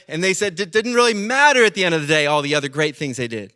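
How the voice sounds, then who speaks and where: A man preaching a sermon as pastor, telling stories with lively acted-out voices. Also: sits high, quick pace, few pauses. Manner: animated storytelling, acting out quoted voices.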